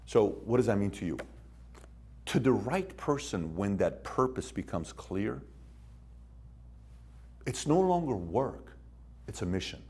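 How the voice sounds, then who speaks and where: A man's voice: fairly low pitch, sing-song, measured pace, long pauses, a little mellow, husky. A man giving a motivational talk, telling stories in a punchy way and putting questions to his listeners. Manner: storytelling, punchy, asks the room questions. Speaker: motivational speaker.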